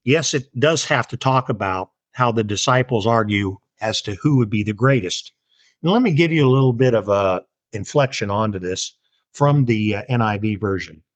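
A man's voice: lowish voice, expressive, moderate pace, no echo. Earnest man teaching a Bible lesson. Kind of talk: story reading and Bible lesson.

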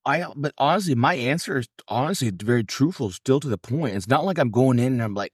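A man co-hosting a casual podcast, talking in a loose, rambling and cheerful way, full of fillers. His voice sits at an ordinary pitch. The sound is dry, with no room around it. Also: lively intonation, fast talker, slightly rough, no room sound. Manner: rambling, upbeat, lots of fillers. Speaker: podcast co-host. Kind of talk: casual chat.

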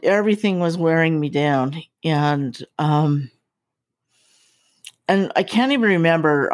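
A woman hosting a casual conversation, speaking in a slow, reflective, heartfelt way. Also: fairly low pitch, a little mellow.

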